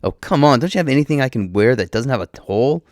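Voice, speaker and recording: A man voicing an insecure, easily excited young man who asks questions in quick disbelief. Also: mid-range voice, no echo, studio quality, voice pushed up, close to an everyday voice. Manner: eager, raises voice in disbelief.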